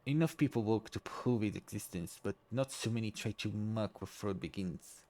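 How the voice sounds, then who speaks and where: A man's voice: on the low side, normal speed, warm tone, lightly acted. A man voicing a formal, polite male French academic who hunts frauds, with a put-on French accent, reading game dialogue aloud. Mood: courteous.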